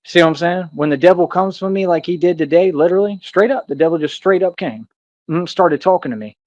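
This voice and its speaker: A man's voice: high-pitched, brisk, darkish tone, no room sound. A man hosting his own livestream, delivering a rambling, boastful and preachy monologue that talks down to his viewers. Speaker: livestream host. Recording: dull lo-fi stream audio.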